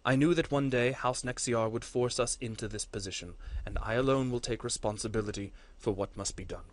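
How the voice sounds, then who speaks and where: A man voicing a grave, imposing male warrior lord in a story reading, speaking low, solemn and measured. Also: natural voice.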